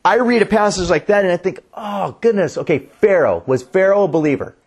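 A man preaching a sermon, reading scripture in a slower, lower voice and explaining it earnestly. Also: animated, slightly rough. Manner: reads scripture in a lower, slower voice, then speeds up; earnest, restarts sentences. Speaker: pastor.

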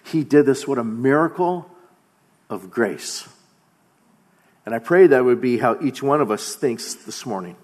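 A man in his thirties preaching a sermon as pastor, earnest, often slowing down and dropping to a quiet voice for emphasis. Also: medium pitch, animated. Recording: long hall reverb.

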